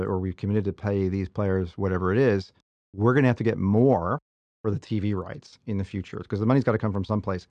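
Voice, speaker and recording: A man's voice: fairly low pitch, no echo, dull audio. A man co-hosting a casual talk show, probing and pushing back with questions. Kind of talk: casual debate.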